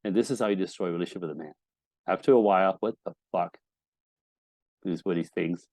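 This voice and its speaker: Man, relationship coach on a podcast, low dark voice, blunt and swearing, dry close sound. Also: fast talker, dry recording. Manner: blunt and emphatic, swears often; acts out quoted voices of wives and husbands. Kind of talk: candid podcast interview.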